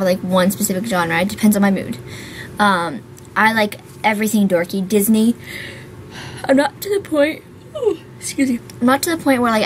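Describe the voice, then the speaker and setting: A woman's voice: mid-range voice, slight background noise. A young woman chatting casually to camera in a rambling, hyper way, full of fillers, while tired and yawning. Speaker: YouTuber. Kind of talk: casual vlog chat to camera.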